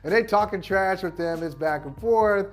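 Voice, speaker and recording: A man hosting a sports talk show in a casual, animated debate, often repeating phrases as he builds a point. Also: high voice, normal speed.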